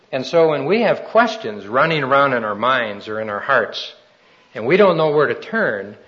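A man's voice: mid-range voice, fairly bright tone, highs cut off. A man preaching a sermon and telling his own testimony in an earnest, folksy storytelling way.

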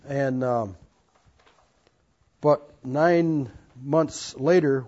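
A man's voice: fairly high pitch, warm tone. An older man earnestly telling his life story to an audience, with folksy asides, in a dull lo-fi recording. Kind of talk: personal testimony to an audience.

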